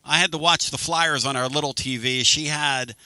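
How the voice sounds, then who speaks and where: Radio host guy, really bright voice, dry close sound, jokes around a lot. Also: medium pitch, fairly even intonation, dry recording. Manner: loose, jokey, fast back-and-forth. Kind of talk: casual talk radio banter.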